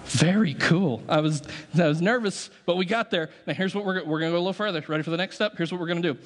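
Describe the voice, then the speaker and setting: Playful pastor leading a church crowd. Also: male voice, high voice, fast, soft background music. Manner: playful, joking, directing the crowd. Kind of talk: sermon leading a congregation exercise. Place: church sanctuary.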